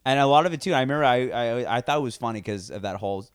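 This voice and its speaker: A man in his thirties with a smooth, resonant voice tells loose podcast stories and slips into the voices of the people he quotes. His delivery is casual and lively, with some swearing mixed in. It's recorded close on a dry mic. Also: mid-range voice, very fast, no room sound. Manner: storytelling, acts out quotes with swearing. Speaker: podcast co-host.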